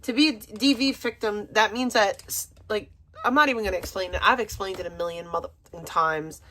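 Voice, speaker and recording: A woman's voice: mid-range voice, fairly quick, a bit bright, slight background noise. A woman giving casual, blunt reaction commentary with a sarcastic edge. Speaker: reaction streamer.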